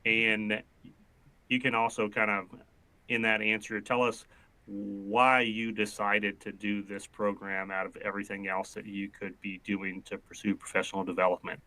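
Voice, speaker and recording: A man hosts a live online panel in a low, bright voice. The sound is dry and close. He talks in an easy, chatty way. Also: moderate pace, dry recording, low-quality recording. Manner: relaxed and chatty, says "brother". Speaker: panel host.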